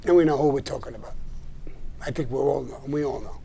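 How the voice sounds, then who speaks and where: A man's voice: mid-range voice, fast talker, dark tone, a little hiss or hum. An older man hosting a live show, answering a viewer's message in a blunt, profane, combative monologue. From New York. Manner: profane, combative and indignant, with short gruff laughs.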